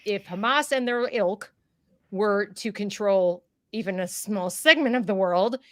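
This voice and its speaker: A woman hosting a discussion, talking in an animated way with many fillers and restarts. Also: medium pitch, a little slow, no echo. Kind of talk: conversational discussion.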